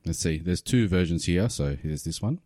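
A man's voice: deep voice, animated, moderate pace, dark tone, no room sound, studio quality. A man co-hosting a casual podcast, running a word quiz in a laid-back, swearing manner. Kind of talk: casual banter.

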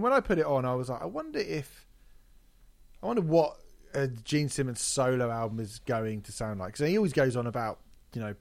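Sarcastic man with a lively voice. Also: medium pitch. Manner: sweary, sarcastic, laughs often. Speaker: podcast co-host. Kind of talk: casual chat reviewing an album.

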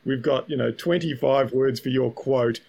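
A man's voice: mid-range voice, moderate pace, gravelly, a little mellow, breathy edge, poor audio. A man co-hosting a podcast, explaining at length in a reflective, casual way with many fillers. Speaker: podcast co-host. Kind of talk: casual chat.

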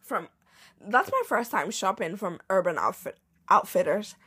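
A woman's voice: medium pitch, big pitch swings, measured pace, pushed and bright, slightly rough. A young woman hosting a podcast, telling a casual storytime rant with slang and swearing. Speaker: podcast host.

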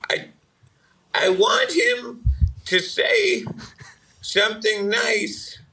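A man voicing an older woman who leaves a tearful, wailing voicemail, shouting and sobbing as she talks. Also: high-pitched, gravelly, far from the mic, a little hiss or hum, full character voice. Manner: wailing, overwrought, shouting while crying. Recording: voicemail heard from afar.

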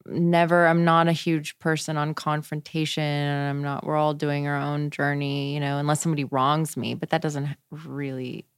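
A young adult woman speaking casually as a podcast guest, chatty and animated, with frequent filler words. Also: deep voice, normal speed, few pauses, clean tone, dry recording, clean studio sound. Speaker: podcast guest, wellness practitioner. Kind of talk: casual conversational interview.

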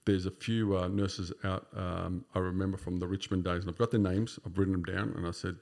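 Low gravelly man in his fifties. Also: little pitch movement, brisk, few pauses, a little mellow. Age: 50s. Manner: swears freely, ends lines with "right?". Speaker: podcast guest. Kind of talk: casual storytelling chat.

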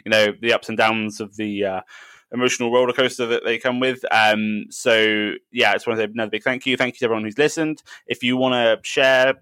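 A man's voice: mid-range voice, fairly even intonation, brisk, sharp tone, clean tone, no room sound. A man with a British accent hosting a film podcast, chatting easygoing and enthusiastic with many ums. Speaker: podcast host. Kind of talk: casual chat.

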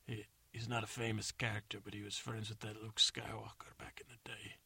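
A man voicing a shady male stranger in a pub, speaking in a hushed, conspiratorial whisper with a silly put-on accent. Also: fairly low pitch, little pitch movement, a little fast, creaky, slightly rough, no echo, heavily acted.

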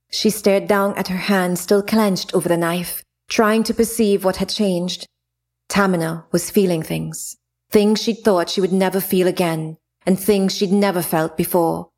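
A woman reading a fantasy novel chapter aloud in a steady, expressive way. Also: on the low side. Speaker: narrator. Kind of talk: audiobook narration of a fantasy novel.

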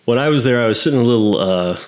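A man's voice: medium pitch, animated. A man in casual podcast chat, trading short quips and telling a travel story. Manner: quick reactions and short quips. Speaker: podcast co-host.

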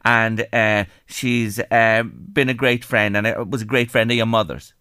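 A man's voice: on the low side, fairly even intonation, normal speed, dry recording. Radio host guy, earnest and moved, dry close studio sound. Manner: warm, earnest, emotional encouragement. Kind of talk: radio interview.

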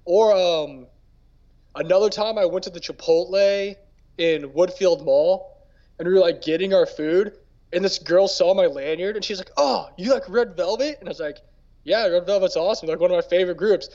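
A man's voice: high voice, dark tone. A man co-hosting a podcast, telling stories in casual chat and saying "like" constantly. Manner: rapid storytelling full of "like". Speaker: podcast co-host. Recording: dull lo-fi mic.

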